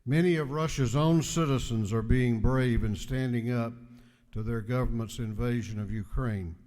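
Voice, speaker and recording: A man, speaker of a state legislature, delivering a formal floor speech with measured, emphatic delivery. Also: medium pitch, a little mellow. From United States. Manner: measured, emphatic oratory with deliberate pauses. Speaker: legislative speaker presenting a resolution. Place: state house chamber. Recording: reverberant legislative chamber.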